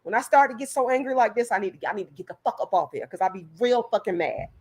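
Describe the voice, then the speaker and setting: A woman's voice: medium pitch, lively intonation, fast, a little mellow, slightly rough. A woman vlogger delivering a heated, profane rant straight to her viewers, stumbling over repeated words as she pushes her point. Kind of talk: direct-to-camera rant.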